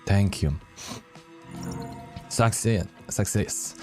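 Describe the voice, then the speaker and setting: Low warm guy streaming a game, reads the text out dramatic then blurts little reactions, soft music behind. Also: a little slow, long pauses. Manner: reads narration dramatically, breaks off with surprised asides. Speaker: let's play streamer. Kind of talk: reading game text aloud with live reactions.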